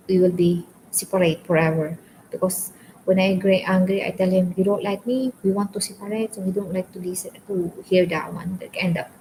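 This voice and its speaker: A woman's voice: fairly low pitch, dark tone, a little hiss or hum, poor audio. A woman from the Philippines chatting casually with viewers during a live stream, speaking English as a second language and talking openly about her relationship. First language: Filipino language. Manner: talks openly, addresses viewers as guys.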